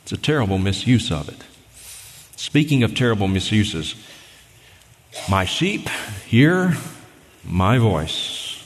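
A man's voice: lowish voice, sing-song, takes it slowly, pauses often, a little hiss or hum. Emphatic male preacher in a big hall. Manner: emphatic, argumentative, reads scripture aloud. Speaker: guest preacher. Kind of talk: sermon. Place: church sanctuary. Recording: long reverb of a large hall.

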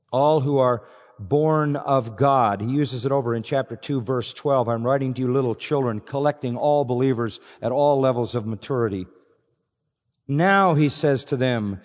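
Slow, emphatic preacher in a reverberant hall. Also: male voice, medium pitch, darkish tone. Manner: earnest, emphatic preaching with repeated phrases. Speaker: pastor. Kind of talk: sermon.

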